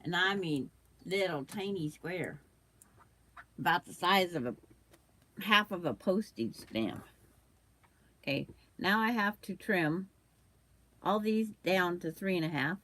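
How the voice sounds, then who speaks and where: Older woman with the hiccups, a lowish voice, chatting casually as a sewing livestream host. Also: takes it slowly, pauses often, a bit bright. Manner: chatty, reads out viewer comments, hiccups.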